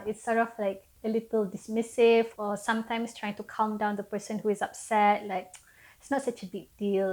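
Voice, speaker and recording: A woman gives a relaxed online language lesson. She explains each phrase in a chatty, easygoing way and drops self-mocking asides. Her voice sits at an ordinary pitch. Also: normal speed, poor audio. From Malaysia. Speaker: language teacher.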